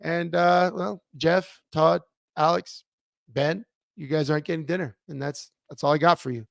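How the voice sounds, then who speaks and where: Animated man telling stories on a sports show. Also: on the high side, normal speed, vocal fry, no echo, studio quality. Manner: animated storyteller, many fillers and restarts. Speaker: co-host. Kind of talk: casual sports talk show chat. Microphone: remote computer mic.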